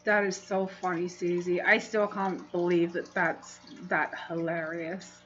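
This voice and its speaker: A woman's voice: lowish voice, little pitch movement, measured pace, a bit bright, highs cut off. A woman hosting a casual livestream, chatting and laughing often as she reads comments aloud. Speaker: livestream host.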